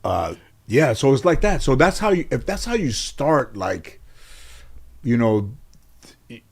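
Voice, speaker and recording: Guest storyteller from Los Angeles: a man with a mid-range voice, animated and conversational, swears freely and restarts his sentences. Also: medium pitch, a little slow, gravelly. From Los Angeles, USA. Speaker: guest telling life stories.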